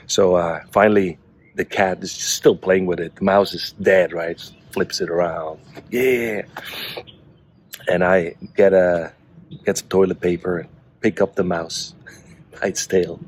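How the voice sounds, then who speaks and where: A man's voice: deep voice, breathy edge. A middle-aged man casually telling a story to the camera, amused and chuckling between phrases. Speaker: vlogger.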